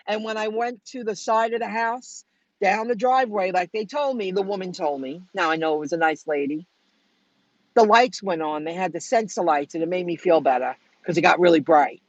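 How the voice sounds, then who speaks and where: A woman's voice: medium pitch, no room sound. A middle-aged woman vlogging casually from her car as a delivery driver, rambling and venting while she talks to her live chat. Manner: rambling, venting, thinking out loud. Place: inside a car. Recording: dull, dry lo-fi sound.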